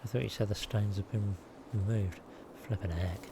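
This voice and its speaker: A man chats his way through a live game stream, rambling and making fun of himself. His voice is fairly low and gravelly. The audio is noisy, with game ambience behind him. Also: steady tone, normal speed. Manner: chatty, rambling, self-deprecating. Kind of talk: casual live-stream commentary.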